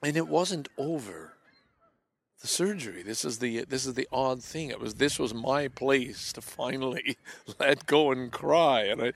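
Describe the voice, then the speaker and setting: A man with a gravelly, fry-edged voice speaks in a confessional monologue. He halts, repeats words, and lets his sentences sink into soft near-whispers. His pitch sits in an ordinary middle range. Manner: halting and repetitive, trailing off into soft near-whispers.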